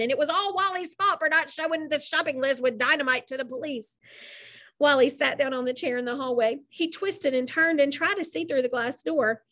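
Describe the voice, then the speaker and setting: Woman narrator, children's book reading, high voice, lively and animated delivery. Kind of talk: storybook reading aloud.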